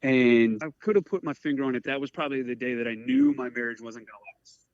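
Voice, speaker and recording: A firefighter in his forties from the Eastern Shore of Maryland talks through his own story in an earnest, halting way, often reaching for "like." His voice sits at an ordinary middle pitch for a man. The recording is dry and a little muffled. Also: very animated, creaky, clean tone, no echo. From Eastern Shore of Maryland, USA. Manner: earnest, halting, many "like" fillers. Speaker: career firefighter, podcast guest. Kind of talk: candid personal storytelling. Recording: dry, slightly muffled audio.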